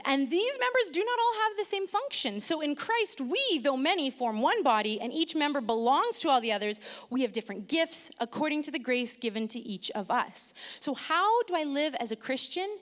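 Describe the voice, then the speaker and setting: Woman preacher with a bright, high voice and a lively delivery, warm self-deprecating humor, recorded in a church with a long reverb tail. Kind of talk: sermon. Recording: long reverb of a large hall.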